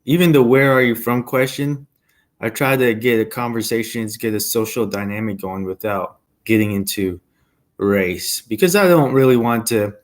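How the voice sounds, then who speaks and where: A man chatting on a podcast, sharing his view in a thoughtful, measured way. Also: on the low side. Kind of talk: casual chat.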